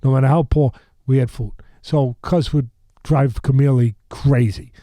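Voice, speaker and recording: A man in his sixties from New York, a boxing trainer who is a podcast guest, telling animated stories with rambling asides. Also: medium pitch, moderate pace, no room sound, clean studio sound. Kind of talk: animated storytelling.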